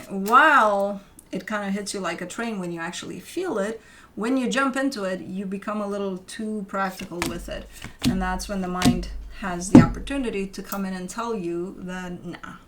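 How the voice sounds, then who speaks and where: A woman's voice: medium pitch, a bit bright, a little hiss or hum. A young woman giving a casual tarot reading, talking loosely with many fillers and restarts. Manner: rambling, conversational, lots of fillers and restarts. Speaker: tarot reader.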